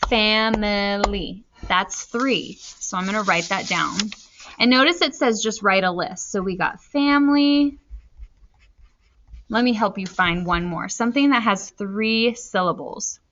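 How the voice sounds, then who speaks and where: A woman teacher talking slowly and deliberately through a recorded reading lesson, spelling out her answers as she writes them. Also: medium pitch, animated, a bit bright. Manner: slow, deliberate, spelling out answers while writing. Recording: slightly dull lo-fi recording.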